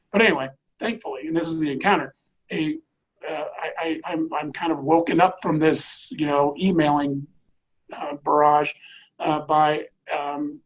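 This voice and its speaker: A middle-aged man, an airline executive, telling a personal story in an interview in an earnest, halting way with many fillers and restarts. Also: fairly high pitch, husky, low-quality recording.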